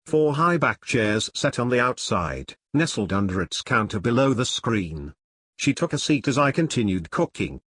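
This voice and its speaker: A man narrating his own novel in the first person, reading at a measured pace. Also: medium pitch, a bit bright, breathy edge, no echo, clean studio sound. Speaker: author and narrator. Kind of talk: audiobook narration.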